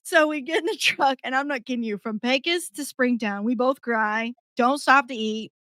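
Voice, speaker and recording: Lively higher-voiced woman telling a story. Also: normal speed, no room sound. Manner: animated, laughs through her story. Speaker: podcast guest. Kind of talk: casual storytelling.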